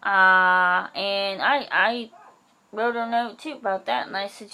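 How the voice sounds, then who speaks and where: A woman venting in a casual vlog, blunt and heated, swearing and acting out her own sharp retorts. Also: mid-range voice, fairly even intonation, unhurried. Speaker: vlogger.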